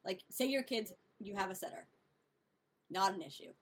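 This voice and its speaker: A woman chatting casually among friends, telling stories with bursts of laughter and excitement. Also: mid-range voice, moderate pace, a little hiss or hum. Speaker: podcast co-host. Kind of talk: casual chat.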